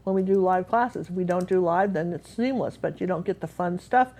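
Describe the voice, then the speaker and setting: A woman's voice: on the low side, a little fast, warm tone, poor audio. A woman teaching a live painting class, telling stories in a rambling way with many fillers and restarts.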